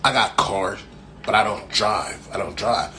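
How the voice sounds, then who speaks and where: A man's voice: fairly low pitch, a little slow, background noise. A man from California talking casually to viewers, rambling and profane, full of slang and repeated phrases. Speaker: streamer. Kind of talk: casual rambling live talk.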